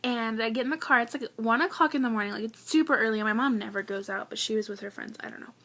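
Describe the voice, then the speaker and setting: A young woman vlogger tells a personal story fast, her higher-pitched voice pushed and bright. Chatty and earnest with lots of "like," she gets emotional and seems close to crying.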